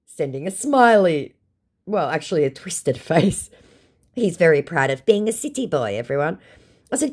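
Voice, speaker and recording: Mocking woman, lively low voice. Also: moderate pace. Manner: mocking, dry, withering put-downs. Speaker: scam baiter reading her chats. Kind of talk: sarcastic retelling of text chats.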